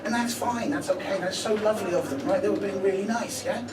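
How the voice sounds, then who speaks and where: A man from Brighton doing stand-up storytelling on stage, exasperated and self-mocking, with frequent tag questions. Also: high voice, fairly even intonation, quick pace, heavy background noise. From Brighton, England. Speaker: stand-up comedian. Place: comedy venue with live audience. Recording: echoey live room, distant mic, crowd. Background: audience laughter.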